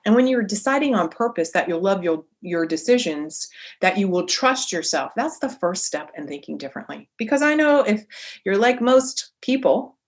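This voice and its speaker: Animated woman podcast coach. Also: mid-range voice, normal speed. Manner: animated, emphatic, lively inflection. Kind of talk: solo motivational podcast.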